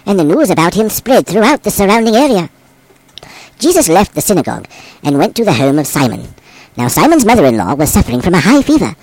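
Male abbot, expressive scripture reading, lively pitch, dry close sound. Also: brisk, husky, dry recording, rough recording. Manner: expressive, voices the quoted speakers.

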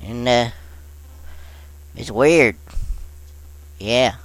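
A man's voice: mid-range voice, drawn-out words, no room sound, rough recording. A man telling a comic witness story in a folksy drawl with rustic grammar. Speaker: on-scene witness.

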